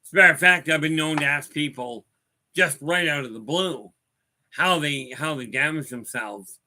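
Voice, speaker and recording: Bright-voiced man chatting to viewers. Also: on the high side, normal speed. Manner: rambling storyteller, addresses viewers by name. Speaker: host of a spiritual talk stream. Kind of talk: casual talk answering viewer chat.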